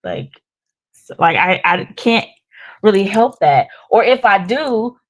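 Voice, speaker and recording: Loud, animated woman co-host. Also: medium pitch, takes it slowly, poor audio. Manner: loud, animated, laughs easily. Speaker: podcast co-host. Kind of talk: casual faith-based chat.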